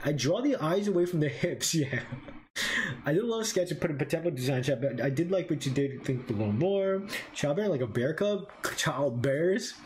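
Animated man chatting on an art stream. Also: on the high side, a little fast, slight background noise. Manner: thinks aloud while drawing, reads and answers chat; animated, jumps between musing and excited bursts. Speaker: artist streamer. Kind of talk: casual live art stream chat.

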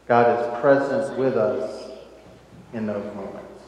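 Pastor preaching in an echoey church. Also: male voice, mid-range voice, fairly even intonation, takes it slowly, long pauses, darkish tone, a little hiss or hum. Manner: conversational, often adds "right?". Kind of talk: sermon. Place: church sanctuary. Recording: echoey church, dull sound.

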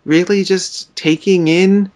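A man's voice: sits high, fairly even intonation, takes it slowly, darkish tone. A man co-hosting a comedy podcast, reacting with bemused disgust and questions. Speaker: podcast co-host. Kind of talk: comic banter.

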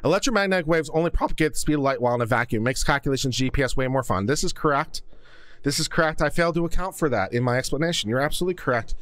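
A man hosting a law commentary live stream, chatting with viewers and answering their questions. He is a self-described geek who rambles cheerfully and grows louder as he gets excited. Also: mid-range voice, rapid-fire, no echo. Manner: gets loud and projects when excited.

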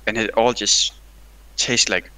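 A young man with a bright, forceful voice sits somewhere on the lower side of the pitch range. He talks in loose, rambling bursts, swearing and joking with a friend over a game. It is casual gaming chat, full of laughs and restarts. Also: fairly even intonation, a little slow, clean tone, poor audio. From Denmark.

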